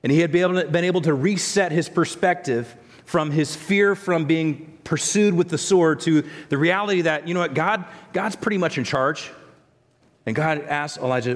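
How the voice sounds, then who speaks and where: A male preacher talks through a sermon in a relaxed, conversational manner, restarting phrases and adding asides. His voice sits fairly high, and a long hall reverb trails each phrase. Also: moderate pace. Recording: long echo of a large hall.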